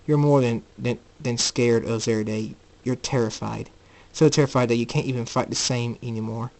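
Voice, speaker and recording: A man's voice: medium pitch, fairly even intonation, normal speed, darkish tone, lightly acted, low-quality recording. A man voicing a scornful male mentor warrior in a homemade storybook reading, lecturing.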